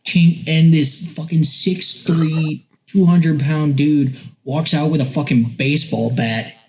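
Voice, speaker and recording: Young podcast guy chatting, tells stories loud and jokey, keeps laughing mid line. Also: a little high, slow, low-quality recording. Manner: animated storytelling, laughing, doing movie lines. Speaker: podcast co-host. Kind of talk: casual chat.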